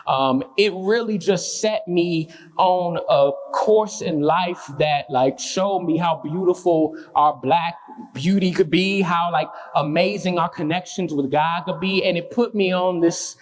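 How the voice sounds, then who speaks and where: A man's voice: high voice, unhurried. A young man performing spoken word poetry with a rhythmic, impassioned delivery and chatty asides between pieces. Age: young adult.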